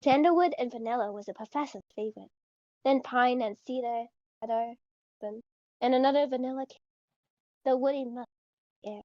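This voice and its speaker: Young woman, giggly reader who stumbles and stops to comment, high voice, dull lo-fi sound. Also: moderate pace, long pauses, mellow, dry recording. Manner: giggly, stumbling, self-interrupting. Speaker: host reading a story aloud. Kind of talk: casual reading with commentary.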